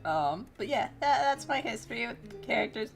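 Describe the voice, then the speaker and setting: A young woman streamer chatting casually, telling a story with lots of swearing and laughter and acting out both sides of old arguments in squeaky voices. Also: animated, normal speed, gravelly, over loud music. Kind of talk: casual rambling stream chat.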